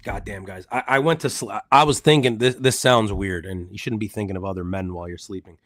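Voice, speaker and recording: A man co-hosting a casual live MMA stream, talking in loose, profane, excitable banter. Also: on the low side, quick pace, no room sound.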